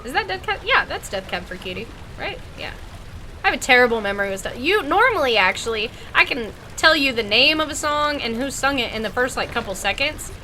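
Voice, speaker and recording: A woman's voice: high-pitched, sing-song, a little fast, sharp tone, slight background noise. A woman gamer giving rambling, joking commentary while playing a horror game.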